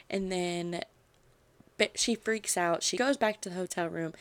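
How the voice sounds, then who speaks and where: A woman hosting a book podcast, retelling a novel's plot in a chatty, animated way with lots of "like" fillers. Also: lowish voice, normal speed. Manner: animated storytelling, frequent "like" fillers.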